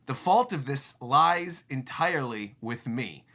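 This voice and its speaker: Picture a solemn elderly genius confessing his guilt, each word slow and deliberate. A man voices him in a bright voice that still rises and falls. He sounds remorseful but dignified. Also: mid-range voice, expressive, exaggerated voice. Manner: slow, solemn reading of dialogue. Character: elderly male genius scientist, grave and remorseful.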